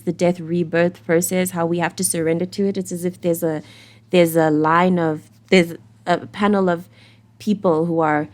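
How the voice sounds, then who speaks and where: A woman's voice: fairly low pitch, darkish tone. A woman with a South African accent giving a casual, rambling tarot reading, speaking candidly and swearing now and then. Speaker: tarot reader.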